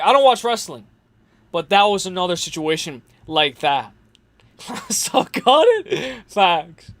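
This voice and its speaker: A man's voice: high voice, a bit bright, no echo. A young man hosting a casual livestream, rambling in slangy talk full of fillers and restarts. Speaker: host.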